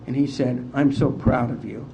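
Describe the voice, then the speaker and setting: Mellow-voiced man telling a heartfelt story. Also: medium pitch, steady tone, moderate pace, slight background noise. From West Virginia, US. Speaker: AA speaker. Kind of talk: personal recovery story told to a conference. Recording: dull lo-fi conference tape.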